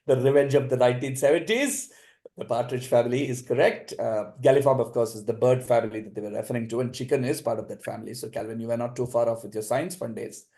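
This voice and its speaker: A man hosting an online quiz final as quizmaster, reading questions in a measured way and recapping answers with encouragement. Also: medium pitch, mellow.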